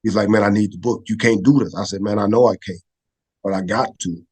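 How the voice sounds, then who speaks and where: A man's voice: on the low side, fairly even intonation, a little fast, darkish tone, breathy edge. A middle-aged man, a former Air Force photographer, telling a personal story as a podcast guest, conversational and often asking "right?". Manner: conversational, repeats "right?" and restarts words. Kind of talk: emotional storytelling in an interview.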